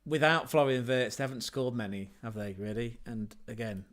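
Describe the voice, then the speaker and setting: Bloke rambling about football on a livestream, mid-pitched, chatty, jokes at himself. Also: male voice. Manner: chatty, rambling, self-mocking asides. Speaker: football podcast host. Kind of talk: casual livestream football talk.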